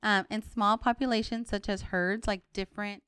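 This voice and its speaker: A woman's voice: mid-range voice, steady tone, normal speed, a bit bright, clean tone, no echo, studio quality. A woman co-hosting a podcast in casual chat, playful and hesitant with many fillers. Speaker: podcast co-host.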